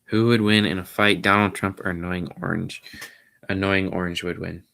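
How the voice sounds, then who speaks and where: Deep-voiced guy rambling on his stream, low-key and mumbly. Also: flat delivery, normal speed, gravelly, pushed and bright. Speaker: podcast host. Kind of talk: casual solo livestream chat.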